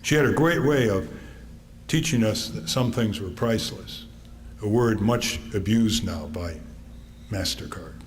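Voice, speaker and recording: A man in his eighties from Connecticut, giving a talk to an audience and telling wry family anecdotes with frequent pauses. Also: on the low side. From Connecticut, USA. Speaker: author giving a public talk. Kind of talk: storytelling speech to an audience. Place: theater stage. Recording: long theater reverb, faint noise.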